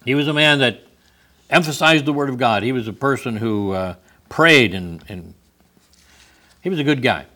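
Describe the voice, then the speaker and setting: A man's voice: medium pitch, animated, moderate pace, pauses often, pushed and bright. A man preaching a sermon who reads scripture aloud and comments on it with wry humor.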